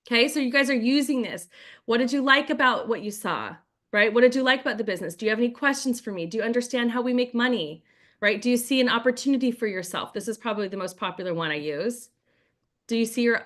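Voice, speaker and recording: On a group video call, a woman trains network marketers in a chatty style, using "like" and "right?" a lot and voicing sample scripts as quotes. Her voice is on the high side with a fairly bright tone.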